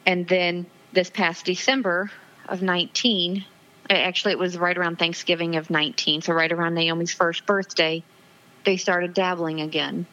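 A woman's voice: on the low side, flat delivery, moderate pace, bright, forceful tone. A woman in her forties, a guest in an interview, tells a personal story earnestly and with emotion, with frequent ums, over the phone. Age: 40s. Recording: dull lo-fi phone audio.

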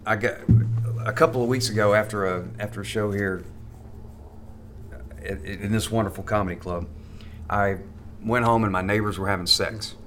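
A man's voice: on the low side, fairly even intonation, normal speed, pauses often, a bit bright, soft background music. A man, a stand-up comedian, chatting casually as a podcast guest, stammering and restarting often as he rambles.

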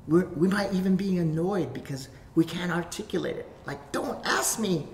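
A man preaching a sermon as a pastor. He swings from loud emphasis down to soft near-whispers. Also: sits high, moderate pace, a little hiss or hum. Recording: roomy echo.

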